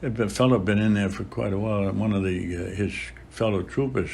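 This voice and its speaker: Gravelly, low, and a little mellow, this very old man's voice carries a slight hiss or hum. He's a Boston-area priest, about 100, being interviewed, and he reminisces in an unhurried storytelling way, pausing often on fillers.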